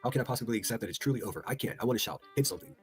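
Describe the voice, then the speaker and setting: A man's voice: medium pitch, very fast, soft background music. A man hosting a livestream, reading posts aloud with incredulous, profane commentary. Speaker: livestream host.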